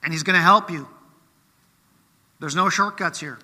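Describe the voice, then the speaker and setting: High, bright-voiced man preaching. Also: normal speed, long reverb tail. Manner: conversational, keeps checking in with rhetorical questions. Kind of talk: sermon.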